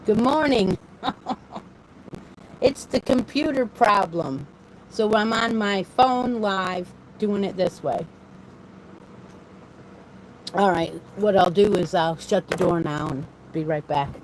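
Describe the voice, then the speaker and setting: A woman's voice: mid-range voice, slow, pauses often, slight background noise, rough recording. A woman hosting a casual live stream, rambling and laughing often, speaking into a phone propped on her desk in a room at home. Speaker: crochet channel host.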